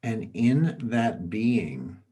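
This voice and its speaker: A man leading a guided coaching exercise on a video call, gently repeating his prompts. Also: on the low side, very animated, very slow. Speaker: healing facilitator.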